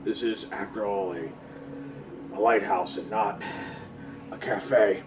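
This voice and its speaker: A game master voicing a wild-haired old male lighthouse keeper who rambles with halting restarts. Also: fairly low pitch, steady tone, recorded from a distance, noisy background. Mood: frantic.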